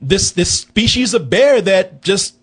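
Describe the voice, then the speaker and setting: A man's voice: sits high, lively intonation, slow pace, fairly bright tone, slightly rough. A man hosting a casual film review show, telling the story in a profane, rambling, joking way. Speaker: film review podcast host. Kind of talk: casual comedic chat.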